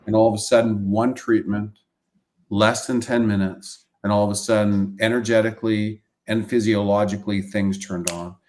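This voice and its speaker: A man's voice: lowish voice, level tone, moderate pace, a little mellow. A male chiropractor telling heartfelt patient stories in casual talk on a video call, emotional and repetitive, acting out quoted voices. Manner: emotional, repeats himself, acts out quoted voices. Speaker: chiropractor and practice coach. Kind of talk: casual storytelling on a live webcast.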